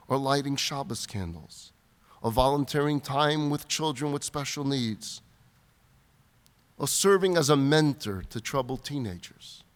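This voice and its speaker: A man, a rabbi, giving a sermon-style talk at a retreat, telling stories with emphasis on a stage microphone. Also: medium pitch. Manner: animated storyteller, emphatic. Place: large event hall, live audience. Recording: reverberant hall.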